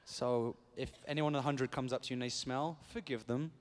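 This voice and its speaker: A man's voice: medium pitch, steady tone, fast talker. A British man, an actor guest on a fan convention panel, talking to the crowd in a playful, rambling, cheeky way. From Britain. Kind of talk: joking panel talk to a crowd. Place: convention hall stage. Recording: echoey convention hall.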